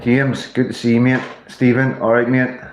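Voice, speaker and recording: A man's voice: medium pitch, flat delivery, normal speed, a little hiss or hum. A man hosting a casual livestream chat, greeting viewers one by one by name in an informal way. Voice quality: informal, uses local words. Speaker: livestream host.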